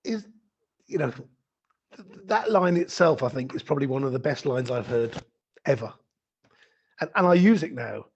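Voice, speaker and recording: A man interviewing a coach, asking questions in a halting way as he searches for his words. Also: mid-range voice, expressive, breathy edge. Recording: dull lo-fi recording.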